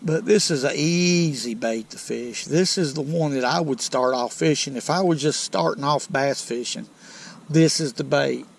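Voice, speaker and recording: A man with a Southern US accent hosting a fishing vlog from a lake bank, folksy and excitable as he talks straight to viewers. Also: on the high side, normal speed, gravelly. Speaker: fishing channel host. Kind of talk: outdoor fishing vlog commentary. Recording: outdoor noise behind voice.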